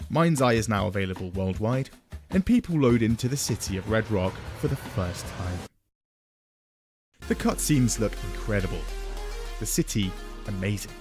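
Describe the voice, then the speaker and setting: A man giving scripted narration in a dry, sardonic tone. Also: lowish voice. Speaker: video essay narrator. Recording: music bed behind narration.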